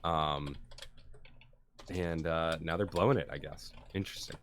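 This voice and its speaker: A man's voice: extremely low pitch, measured pace, slight background noise. A man co-hosting a casual podcast, hesitant and stumbling over words, with dry sarcastic jokes. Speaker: podcast co-host. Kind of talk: casual chat on a livestreamed podcast.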